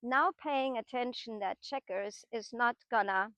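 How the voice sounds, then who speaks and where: A middle-aged woman teaching horsemanship. She explains each step patiently and keeps checking in with her listeners. Her voice sits a little high and sounds dry and close. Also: a little slow, fairly bright tone, dry recording. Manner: patient, explanatory, with frequent tag questions. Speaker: horsemanship trainer. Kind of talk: explanatory teaching talk while working horses.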